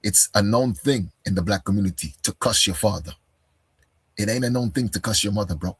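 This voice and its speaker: A deep-voiced man with a heavily husky, raspy tone delivers a combative reaction commentary. He keeps pressing with rhetorical questions. The sound is close and dry. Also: a little fast, a bit bright, no room sound. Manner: combative, fires rhetorical questions, calls listener "bro". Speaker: commentator responding to a video.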